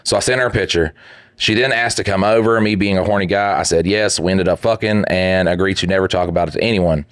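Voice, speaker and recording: A man's voice: low-pitched, quick pace, smooth, no echo, studio quality. A man co-hosting a podcast, reading listener stories and joking with heavy profanity. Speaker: podcast co-host. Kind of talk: casual podcast banter.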